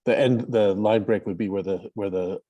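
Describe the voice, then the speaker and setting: A man in casual discussion on a video call, talking in a hesitant, halting way with many fillers. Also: fairly low pitch, steady tone, warm tone, highs cut off. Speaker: roundtable participant.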